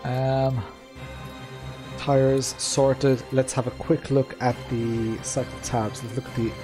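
Over music, a man in a mid-range, level voice takes his time commentating on a rally sim stream. He chats with viewers in a loose, rambling manner, peppered with fillers and side comments to chat.

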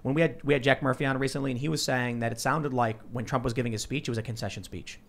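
Brief: male podcast host, lively storyteller, casual studio panel talk. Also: mid-range voice, rapid-fire. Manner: animated storyteller, acts out quoted voices.

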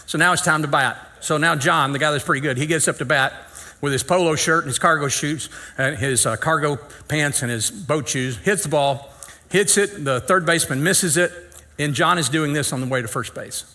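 A middle-aged pastor, sharp-toned and on the high side, talks at a normal pace. His sermon features a folksy, comic story where he acts out the lines and makes fun of himself.

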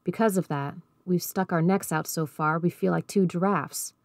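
A woman reading a calm probing older man. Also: lowish voice, normal speed, no echo, natural voice. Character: steady caring older man counselor.

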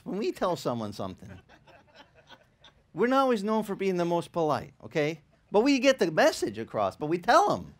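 Animated, high-voiced pastor telling a story. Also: male voice. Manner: animated, conversational, acts out dialogue. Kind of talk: storytelling sermon. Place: church.

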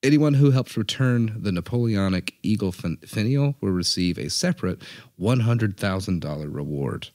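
A young adult man co-hosting a podcast, chatting casually and telling an animated story with plenty of swearing. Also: on the low side, normal speed, dry recording, clean studio sound. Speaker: podcast co-host. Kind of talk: casual chat.

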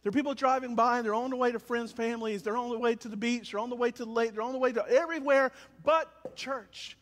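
A man pastor preaching a sermon, swinging between loud calls and quiet, low lines. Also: fast, in a large hall. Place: church service, with cars passing by.

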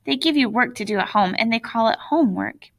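A woman voicing a troubled schoolboy in a children's audiobook, pleading and unsure in a higher kid voice. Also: lively intonation, fairly quick. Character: troubled fifth-grade boy, sulky and unsure. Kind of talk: audiobook read-aloud of a children's novel.

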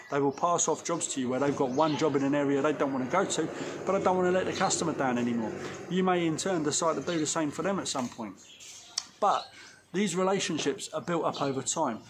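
A man's voice: on the high side, noisy background. A man giving blunt, cheeky business advice to viewers in a casual vlog, recorded outdoors. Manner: blunt, cheeky, slangy, talks straight to viewers. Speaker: window cleaning business owner.

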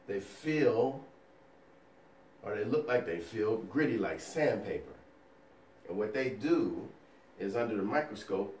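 A male nursing educator teaching a recorded lecture over slides, energetic and folksy, firing rhetorical questions at the listener. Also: on the low side, echoey room, distant mic, slight background noise. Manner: folksy and playful.

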